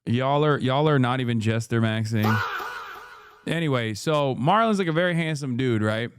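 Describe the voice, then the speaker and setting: A man's voice: mid-range voice, expressive, normal speed, slight background noise. A man streaming, reacting to a clip in casual, profane commentary, rambling with restarts and asides to his chat.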